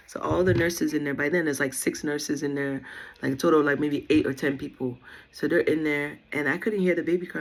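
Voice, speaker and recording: A woman's voice: deep voice, fairly quick. A young mother telling her birth story at home in a chatty, rambling way, full of fillers. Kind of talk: casual storytelling vlog.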